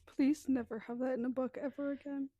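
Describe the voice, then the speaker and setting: A woman co-hosting a podcast, giving blunt, swearing quick reactions in casual chat. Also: sits high, little pitch movement, dry recording, phone-quality sound. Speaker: podcast co-host. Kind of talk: casual book review chat.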